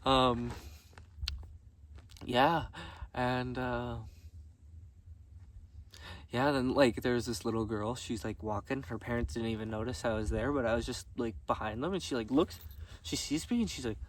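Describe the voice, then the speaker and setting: A young man telling stories casually, laughing often and swearing freely while walking outdoors on a gravel road. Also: medium pitch, fairly even intonation, measured pace, pauses often. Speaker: vlogger. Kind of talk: casual storytelling. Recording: distant mic with faint background noise.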